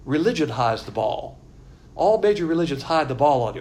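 Gravelly, emphatic male preacher. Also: fairly high pitch, big pitch swings, fairly quick. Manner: emphatic, conversational preaching with blunt humor. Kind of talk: sermon.

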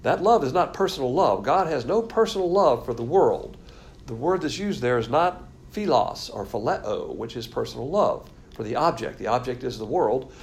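A man's voice: medium pitch, lively intonation, normal speed, creaky. A man teaching a Bible lesson from diagrams, explaining in a blunt, emphatic way.

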